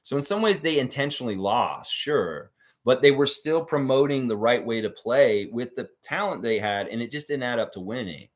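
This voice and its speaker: A blunt man hosts a live sports stream and rants about his team. His pitch swings widely as he reads out viewer comments and fires back strong opinions through a desk mic. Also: lively intonation, normal speed. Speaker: host of a fan channel live stream.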